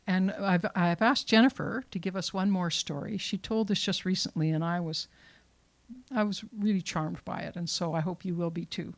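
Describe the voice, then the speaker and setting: Low-voiced woman host telling a tale. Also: fairly even intonation, normal speed, dry recording. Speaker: event host and storyteller. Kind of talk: storytelling to a live audience.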